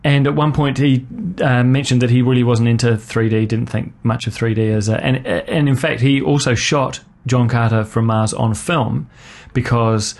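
Hey, can i get a new guy hosting a movie podcast, chatty and rambly, tripping over his words a lot, full of ums and uhs, and a plain mid-range voice, nothing too high or too low. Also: fairly even intonation, moderate pace, few pauses, darkish tone. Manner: rambling, hesitant, many fillers and restarts. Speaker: co-host of a film podcast. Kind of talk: casual chat.

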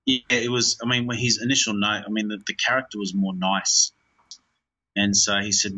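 A man's voice: on the low side, level tone, moderate pace, pushed and bright, slightly rough, muffled recording. A man, a film director, talking in an interview in a rambling way, with many fillers and restarts.

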